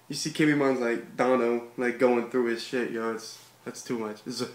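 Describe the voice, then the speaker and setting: A man's voice: medium pitch, fairly even intonation, a little slow. A man casually reading a comic aloud and commenting on it in a laid-back, slangy way. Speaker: comic read-along host. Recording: echoey room with background hiss.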